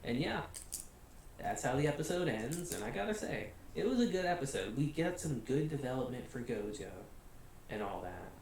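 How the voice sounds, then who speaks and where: A man's voice: mid-range voice, moderate pace, recorded from a distance. Chatty American man in a very echoey room. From United States. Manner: chatty, relaxed, laughs often, many fillers. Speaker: anime reviewer, channel host. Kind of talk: casual spoken review. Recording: very echoey room, voice off-mic, faint hiss.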